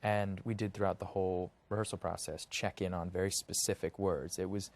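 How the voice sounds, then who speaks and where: Man, American accent, fairly low voice, thoughtful, searching for words, interview guest. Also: level tone, fairly quick. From United States. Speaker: actor guest. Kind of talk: casual interview chat.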